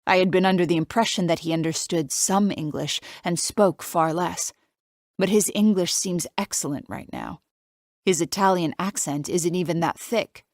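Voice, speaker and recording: A woman's voice: fairly low pitch, moderate pace, a little mellow, dry recording, studio quality. A woman reading a thriller audiobook in the first person, present tense, as a tense, confiding inner monologue. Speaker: audiobook narrator.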